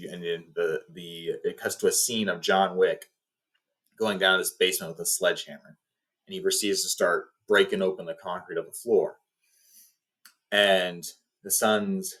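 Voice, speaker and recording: A man's voice: low-pitched, steady tone, moderate pace, fairly bright tone. A man hosting a video, casually retelling a movie plot in a rambling, filler-heavy way. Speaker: video host.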